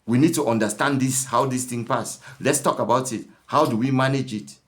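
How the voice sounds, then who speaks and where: A man voicing an insistent, nagging wife who talks loudly and demands to be heard. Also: normal speed, lightly acted. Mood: demanding. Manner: loud, pitched up, demanding.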